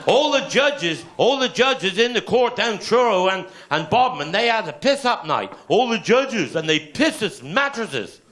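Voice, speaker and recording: A man's voice: sits high, sing-song, measured pace, few pauses, a bit bright. A man with a Cornish accent telling rambling, bawdy stand-up stories in broad dialect at a live show. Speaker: comedian. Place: live show before an audience. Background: audience laughter.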